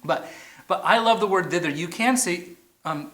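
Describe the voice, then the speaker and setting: A man's voice: high voice, sing-song, moderate pace, sharp tone, roomy sound. A man preaching a sermon as pastor, playful, stretching out single words for emphasis. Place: church, message shown on a big screen outdoors.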